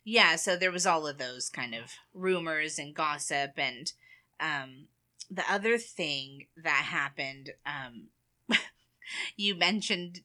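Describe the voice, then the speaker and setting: A woman co-hosting a podcast in casual chat, talking in a lively way and laughing often. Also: low voice, takes it slowly. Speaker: podcast co-host.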